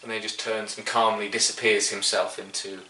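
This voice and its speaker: A man's voice: fairly low pitch, level tone, brisk, pushed and bright, slight background noise. Brief: man as game master, hesitant, mic set back from him. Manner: hesitant, full of "sort of" and restarts. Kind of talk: narrating a tabletop game. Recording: echoey room, mic at a distance.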